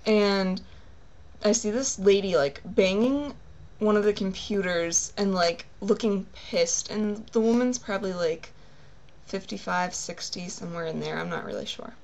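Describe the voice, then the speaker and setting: Young woman, vlog host, rambling storyteller, lots of fillers, mid-pitched voice. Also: a little slow, a little mellow, dull audio. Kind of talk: casual chat, storytelling.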